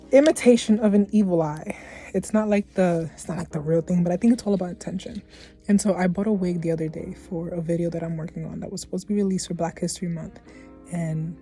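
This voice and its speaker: Woman vlogger, low-ish voice, mellow tone, heartfelt, rambling, self-correcting. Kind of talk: candid personal vlog.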